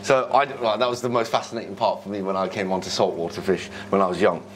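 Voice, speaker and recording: A young man, hosting a casual vlog and telling stories in an animated, slangy way. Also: deep voice, fast talker, a little hiss or hum. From England. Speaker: vlog host. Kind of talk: casual vlog chat and storytelling.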